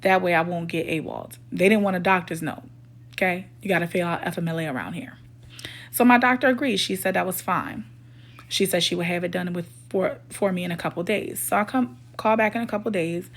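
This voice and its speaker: A woman's voice: on the low side, a little fast. A woman telling a personal storytime in a casual, emphatic and indignant way, voicing the people in her story as she goes. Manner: emphatic, indignant retelling that acts out quoted dialogue. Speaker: storytime vlogger.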